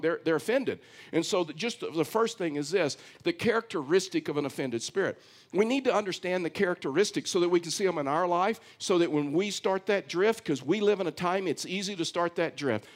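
A male pastor preaches in an emphatic, repetitive style, reading a passage and then unpacking it for the congregation. His voice sits a little higher than most men's. He keeps pulling the listeners back in with short calls for attention. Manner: emphatic preaching, repeats phrases, often says "listen"; reads scripture aloud, then comments on it. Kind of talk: sermon.

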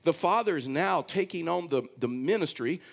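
Texan preacher guy, kinda high voice, folksy storytelling sermon. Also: expressive, moderate pace, creaky. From Texas. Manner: conversational, storytelling, emphatic preaching. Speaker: pastor.

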